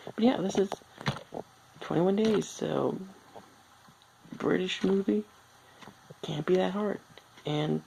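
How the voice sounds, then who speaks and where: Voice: mid-range voice, vocal fry, a little mellow, a little hiss or hum, low-quality recording. A film reviewer talking casually, rambling off on tangents with many filler words.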